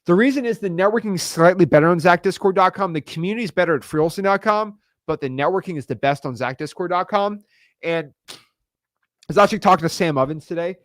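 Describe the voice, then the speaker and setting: A man coaching viewers in an energetic video lesson, fast, slangy and emphatic, repeating words for punch. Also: high-pitched, no room sound, studio quality. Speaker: real estate wholesaling coach.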